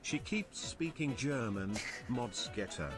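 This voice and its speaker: A text-to-speech voice reading out chat messages in a flat delivery. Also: medium pitch, takes it slowly, loud music behind the voice.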